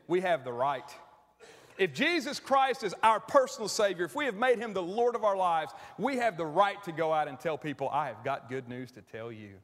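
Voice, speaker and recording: A man's voice: high voice, a bit bright. A middle-aged man preaching a sermon as pastor, conversational and emotional, often restarting his sentences. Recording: church hall with long reverb.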